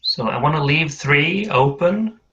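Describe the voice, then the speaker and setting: A man with a very bright voice heard through a dull, lo-fi voice call. He weighs his options aloud, slowly and hesitantly. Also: fairly high pitch, animated, slight background noise. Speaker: player. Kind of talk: casual game chat. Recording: muffled lo-fi voice call.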